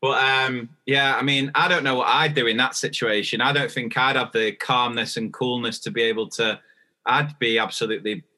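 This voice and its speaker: A man's voice: mid-range voice, fairly even intonation, moderate pace, pushed and bright. A man co-hosting a teachers' podcast, chatting casually in a rambling way with lots of restarts. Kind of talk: casual chat.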